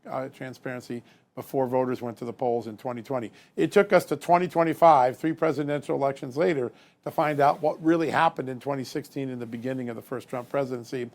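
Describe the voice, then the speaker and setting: A man's voice: mid-range voice, fast, darkish tone. A man giving emphatic political commentary as a guest, building his points with rising force.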